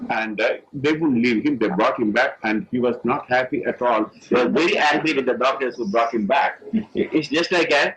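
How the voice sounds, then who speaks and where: A man from India, a spiritual teacher telling a religious story in a lively, halting lecture. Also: medium pitch, a little hiss or hum. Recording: dull old lecture tape.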